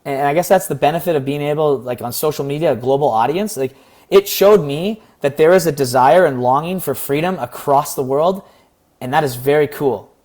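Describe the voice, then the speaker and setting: A young man from Canada reflects on a recent experience in a casual vlog. His voice sits a little high and is slightly hoarse. He rambles earnestly and acts out the back-and-forth of conversations as he retells them. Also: brisk, a little mellow. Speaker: vlogger.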